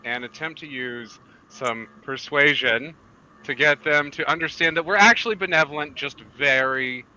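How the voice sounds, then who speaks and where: A man's voice: a little high, normal speed, pushed and bright, muffled recording. A man playing a tabletop game, joking around casually with the group. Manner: playful and jokey. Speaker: player.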